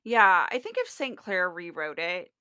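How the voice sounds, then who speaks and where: A woman co-hosting a podcast, chatting casually about books in an agreeable, measured way. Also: on the low side, big pitch swings, sharp tone, smooth, no echo, studio quality. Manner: agreeable, measured, backchannels a lot. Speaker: podcast co-host. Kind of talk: casual book chat.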